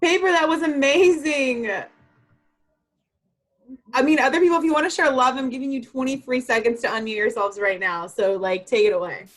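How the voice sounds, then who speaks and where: A woman's voice: sits high, normal speed. Enthusiastic woman hosting a video call. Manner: enthusiastic, rambling, with fillers. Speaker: open mic host.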